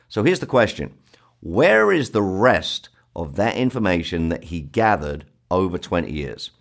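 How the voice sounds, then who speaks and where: Man, South London accent, low voice, animated intonation, persuasive, questioning. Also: moderate pace. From South London, England. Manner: rhetorical questions, emphatic. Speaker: success program presenter. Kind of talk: persuasive sales talk.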